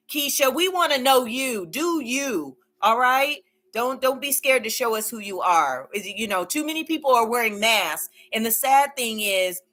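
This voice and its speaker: A woman's voice: a little high, sharp tone. A woman hosting a casual livestream, reading viewer comments aloud and cheering them on with frequent laughter and repeated phrases. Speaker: livestream host.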